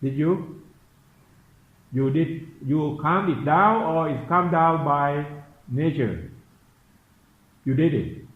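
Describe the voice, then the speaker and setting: A man giving a Buddhist dharma talk, slowly and repetitively questioning his listeners in simple English. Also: fairly high pitch, animated. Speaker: Buddhist meditation teacher. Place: temple teaching hall. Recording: echoey, dull room recording.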